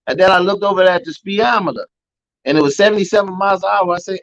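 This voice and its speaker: Interview guest, man with a New Orleans accent, fairly high voice, storytelling testimony that acts out quoted voices. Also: quick pace, fairly bright tone, muffled recording. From Louisiana. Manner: storytelling, acting out quoted voices, frequent "man" and "you know". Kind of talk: emotional personal testimony.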